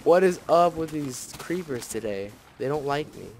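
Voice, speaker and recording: A man's voice: on the high side, animated, moderate pace, a little mellow, slight background noise. A man giving casual gameplay commentary, grumbling and swearing whenever things go wrong. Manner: grumbling, easily annoyed, swears. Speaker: let's play host.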